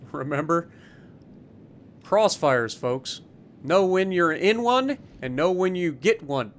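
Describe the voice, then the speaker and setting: High-pitched guy doing sarcastic game commentary, super lively and up-and-down delivery. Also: slow, slight background noise. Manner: sarcastic, chatty, teasing. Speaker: gaming YouTuber. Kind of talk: casual gameplay commentary.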